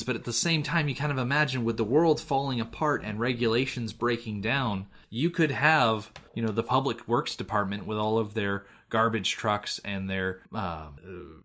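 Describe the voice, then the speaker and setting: A man's voice: fairly low pitch, normal speed, hardly any pauses, a bit bright. A man from the United States co-hosting a film podcast, talking in a chatty, rambling way and laughing often. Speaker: podcast co-host. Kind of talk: casual chat.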